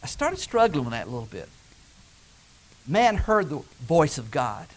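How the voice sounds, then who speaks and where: A man preaching a sermon, swinging from loud, rising calls to hushed, low asides. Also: big pitch swings, normal speed.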